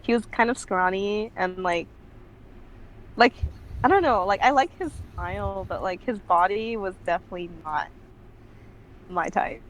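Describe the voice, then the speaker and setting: A woman's voice: mid-range voice, lively intonation, unhurried, long pauses, slight background noise, rough recording. A young woman telling a casual story as a podcast guest, her talk full of "like". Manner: chatty, fills speech with "like".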